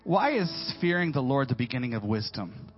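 A man in his forties preaches in a church, dropping to a near hush and then climbing loud as he tells his stories with playful, slangy asides. The sound is dull and lo-fi, with faint music underneath. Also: medium pitch, moderate pace. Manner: animated storytelling, swinging from hushed to loud. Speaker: pastor. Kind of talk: sermon.

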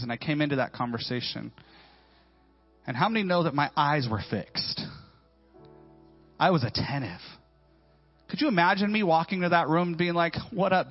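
A man in his forties preaches in a church, dropping to a near hush and then climbing loud as he tells his stories with playful, slangy asides. The sound is dull and lo-fi, with faint music underneath. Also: medium pitch. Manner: animated storytelling, swinging from hushed to loud. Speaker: pastor. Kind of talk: sermon.

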